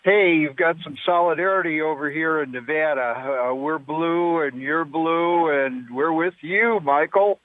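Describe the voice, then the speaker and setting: A man calling in to a radio talk show, needling the host and speaking haltingly. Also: on the high side, dry recording. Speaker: caller. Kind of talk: phone-in call. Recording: phone line.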